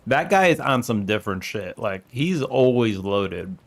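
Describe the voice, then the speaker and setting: A man streaming a game in casual commentary, laughing often and scolding the characters on screen. His voice is gravelly and sits at a middling pitch. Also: lively intonation, a little slow, hardly any pauses.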